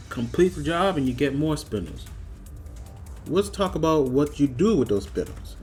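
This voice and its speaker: A man with a medium-pitched voice narrates a scripted video game review, breaking into animated, mock-outraged rants full of repeated questions.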